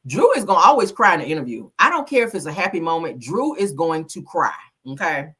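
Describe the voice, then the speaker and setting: A woman's voice: sits low, very animated, brisk, fairly bright tone, breathy edge. A woman hosting casual reality TV gossip commentary, sassy, blunt and full of slang. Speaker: host.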